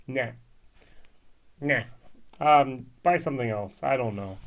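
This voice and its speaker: A man reviewing whisky in a casual, musing way, with frequent ums and restarts. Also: medium pitch.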